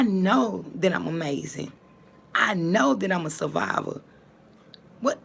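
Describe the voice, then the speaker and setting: A woman vlogger, talking bluntly to her viewers, cursing and swinging between calm and heated. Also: fairly low pitch, slow pace, creaky, pauses often, husky. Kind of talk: casual talk to viewers.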